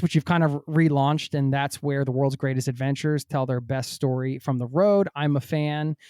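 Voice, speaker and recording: A man hosting a travel podcast, talking in an energetic, jokey way with plenty of casual fillers and restarts. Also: a little high, normal speed, few pauses, clean tone, no echo, studio quality. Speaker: podcast host. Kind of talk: upbeat podcast intro and chat.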